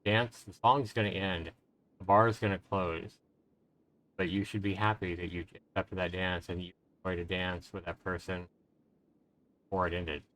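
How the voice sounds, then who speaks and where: A man's voice: deep voice, flat delivery, normal speed, a bit bright. A male streamer commenting on a game live, speaking in an earnest, emotional way and giving reflective advice to his viewers.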